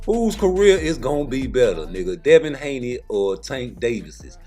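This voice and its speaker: A man's voice: mid-range voice, big pitch swings, normal speed, loud music behind the voice. A man giving heated, profane boxing commentary in a casual rant, blunt and repeating points for emphasis.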